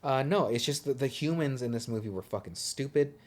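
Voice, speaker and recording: A man's voice: mid-range voice, brisk, a little mellow. A young man co-hosting a movie podcast, rambling and swearing casually as he trails off and restarts his sentences. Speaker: podcast co-host.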